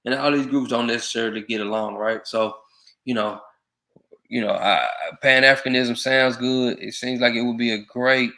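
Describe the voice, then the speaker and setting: A man's voice: on the low side, pushed and bright. A man vlogging to his viewers in a casual monologue, earnestly giving them advice. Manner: earnest, advising viewers directly. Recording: roomy echo.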